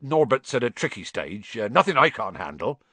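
A man voicing a big, soft-hearted giant of a gamekeeper who talks in a puffing, gruff and tearful way. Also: on the low side, normal speed, no echo.

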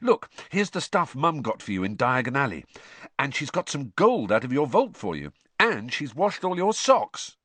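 A man's voice: mid-range voice, big pitch swings, moderate pace, a bit bright, no echo, pitched above the performer's own voice. A man voicing a blunt, easygoing teenage boy. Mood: offhand. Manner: offhand, casual.

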